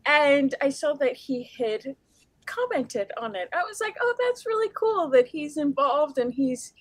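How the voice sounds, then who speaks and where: A woman on a convention panel telling a story in an unhurried, thoughtful way, pausing with ums. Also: high-pitched, sing-song, no room sound.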